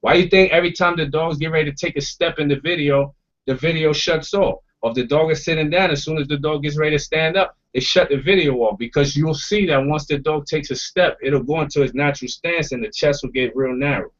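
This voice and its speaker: Brisk and on the high side, this man's voice carries a casual roundtable he hosts as a podcaster. He talks bluntly and emphatically, swearing freely, over dull lo-fi audio.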